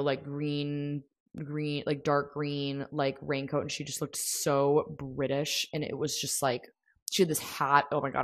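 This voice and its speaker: A young woman with a low-pitched voice talks on her own podcast in a loose, rambling way. She fills her sentences with fillers and restarts as she chats casually. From United States. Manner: rambling, filler-heavy, chatty. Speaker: podcast host. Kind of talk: casual solo podcast chat.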